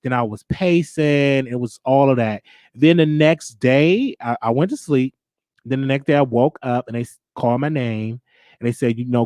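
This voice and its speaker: A man's voice: medium pitch, a little mellow, no echo. Candid man telling his story, dry sound. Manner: candid, halting, with frequent restarts. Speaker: show host. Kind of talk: personal storytelling.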